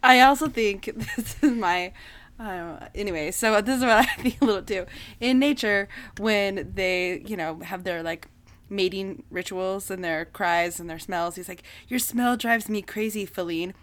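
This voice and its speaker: A woman's voice: medium pitch, normal speed. A woman in casual book chat who laughs a lot and acts out little quoted voices. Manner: giggly, animated, acts out quotes. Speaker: book club discussant.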